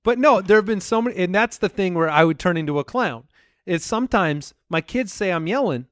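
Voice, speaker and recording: A man's voice: high voice, animated, a little fast, no room sound, clean studio sound. A man co-hosting a comedy podcast who asks questions and steers the talk. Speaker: podcast co-host. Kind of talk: casual comedy chat.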